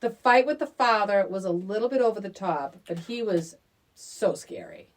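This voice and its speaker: A middle-aged woman with a mid-range voice speaks at a moderate pace while co-hosting a casual podcast. She's an animated storyteller, voicing the quotes as she relates what happened.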